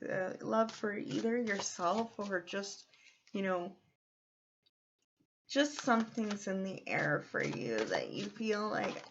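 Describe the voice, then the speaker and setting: A woman's voice: mid-range voice, vocal fry, muffled recording, a little hiss or hum. A woman in her thirties giving a casual pick-a-card tarot reading, chatty and meandering as she free-associates. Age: 30s.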